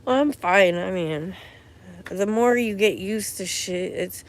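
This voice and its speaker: A woman's voice: mid-range voice, slow pace. A woman livestreaming casually as a mother, rambling loosely and thinking aloud as she talks. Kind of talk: casual live-stream chat.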